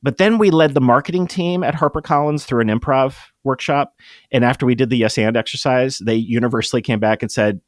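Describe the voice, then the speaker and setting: A middle-aged man talking as a guest in an interview, explaining with emphatic, lively energy. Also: mid-range voice, a little fast, no room sound, studio quality. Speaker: guest, improv comedy producer. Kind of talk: conversational interview.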